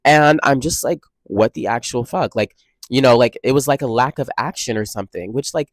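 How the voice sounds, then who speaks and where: A young man in college telling a dramatic storytime vlog, expressive and full of slang and swearing. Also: medium pitch, a little fast, dry recording. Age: young adult. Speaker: college student vlogger.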